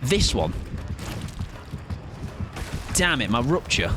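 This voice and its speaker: A man's voice: mid-range voice, very animated, slow pace, background noise. A man chatting casually and joking through a gaming stream, swearing freely and mocking himself.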